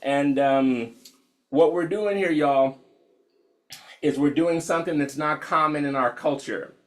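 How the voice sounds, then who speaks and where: A man's voice: a little high, a little slow. A young adult man from the United States leading an online meditation session, frank and profane, laughing often and calling listeners y'all. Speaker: meditation teacher. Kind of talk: casual talk opening an online meditation session.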